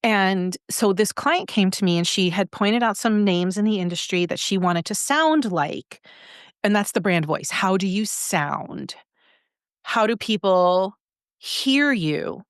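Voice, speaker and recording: A middle-aged woman who coaches on brand voice, talking in a lively, conversational way as a podcast guest. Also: fairly low pitch, a little slow, clear, resonant tone, dry recording, studio quality. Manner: animated, acts out examples in shifting voices.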